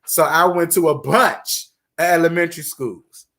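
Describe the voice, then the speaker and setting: Animated man, raised pitch. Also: moderate pace. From Virginia, USA. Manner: animated and chatty, talks with emphatic repetition. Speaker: host of a live chat stream. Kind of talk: casual livestream chat, reading viewer comments.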